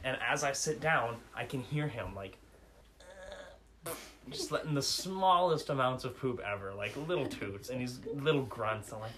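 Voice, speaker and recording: Animated young man. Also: medium pitch, normal speed, slight background noise, low-quality recording. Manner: animated, self-mocking, laughs through story. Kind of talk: casual comic storytelling.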